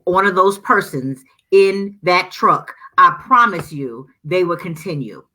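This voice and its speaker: A woman's voice: on the low side, lively intonation, a little slow, pushed and bright, rough recording. A middle-aged woman speaking as a guest, fervent and preacher-like, with lots of repetition. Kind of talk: conversational discussion.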